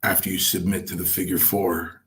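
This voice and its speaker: A man's voice: deep voice, moderate pace. A middle-aged man, a former wrestler, telling stories from his career and acting out what others said. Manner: acts out quotes of others, lively. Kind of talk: anecdotal storytelling.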